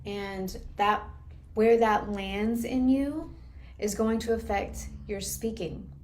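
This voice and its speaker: Earnest woman coach explaining gently. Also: mid-range voice, fairly even intonation, takes it slowly, a little hiss or hum. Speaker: trauma recovery coach. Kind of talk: live class teaching.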